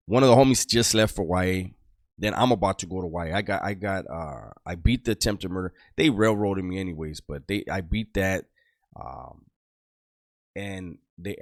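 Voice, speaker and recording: A man's voice: fairly low pitch, no echo, clean studio sound. A middle-aged man telling a story from his past in a casual, rambling way, heavy on street slang and swearing.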